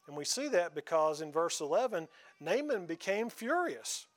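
A man's voice: on the high side, big pitch swings, normal speed. A man preaching a sermon in a folksy, conversational way, often asking the congregation questions.

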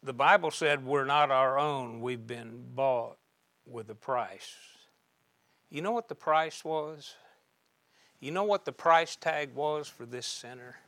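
A man delivers a sermon at an unhurried pace. His voice sits at a middle pitch and rises into loud emphatic bursts, then falls back to quiet, deliberate lines. The sound is dry, with almost no room around it. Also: no room sound. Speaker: preacher.

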